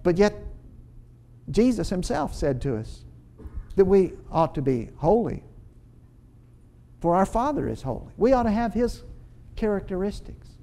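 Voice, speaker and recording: A man with a high voice delivers a sermon, walking his listeners through scripture in an earnest, explanatory way. He drives points home by repeating phrases, and his delivery has small stumbles and restarts. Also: sing-song, unhurried, creaky, long pauses, dark tone. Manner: earnest expository preaching with emphatic repeated phrases. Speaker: preacher.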